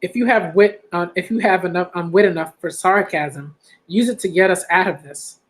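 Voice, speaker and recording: A man's voice: sits high, normal speed, fairly bright tone. A man reading aloud, voicing a stern, commanding female military leader.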